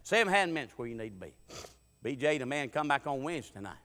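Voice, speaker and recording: A man preaching a sermon with humorous stories, folksy and full of dialect, swinging from loud preaching to quiet asides. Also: mid-range voice, very animated, quick pace. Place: church sanctuary. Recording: reverberant church sanctuary.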